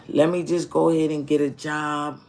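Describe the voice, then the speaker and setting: A man's voice: on the high side, level tone, a little slow, vocal fry. A man telling his own story in a candid, reflective way, swearing often and repeating phrases, with speech. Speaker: streamer. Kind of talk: casual personal storytelling.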